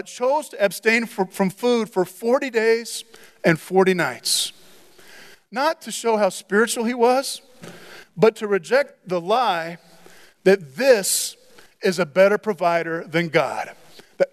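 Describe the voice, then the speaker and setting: A man's voice: high-pitched, expressive, a little slow. A pastor preaching a sermon in church, earnest and repetitive, often restarting his phrases.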